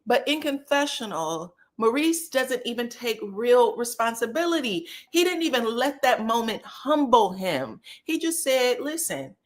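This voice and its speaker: A sassy woman talks straight to her live-stream chat, recapping a reality show in a loose, casual way. She swears freely and drops into quick impressions of the people she quotes. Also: fairly high pitch. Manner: animated, sassy, profane, quotes people in put-on voices.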